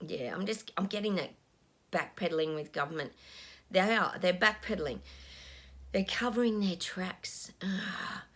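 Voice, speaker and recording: A woman's voice: fairly low pitch, normal speed, a bit bright. A middle-aged woman, a psychic talking casually to her viewers, frustrated and ranting, sometimes dropping to a whisper. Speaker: psychic channel host.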